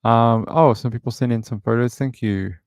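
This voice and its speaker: A man's voice: mid-range voice, moderate pace, a little mellow, no room sound, studio quality. A man hosting a livestream, casually chatting and rambling with many filler words as he reads out viewer comments. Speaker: livestream host.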